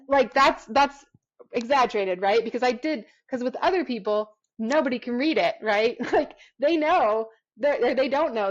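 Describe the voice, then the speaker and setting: Woman podcast guest, reflective and halting, fairly high pitch, muffled lo-fi sound. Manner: reflective, halting, many fillers and restarts. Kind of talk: casual conversational storytelling.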